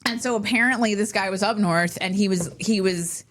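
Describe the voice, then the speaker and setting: A chatty woman co-hosts a casual podcast conversation. Her voice sits at an ordinary middle pitch, but she breaks into laughter often and leaps way up in pitch when she gets animated. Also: brisk. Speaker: podcast co-host. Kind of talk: casual chat.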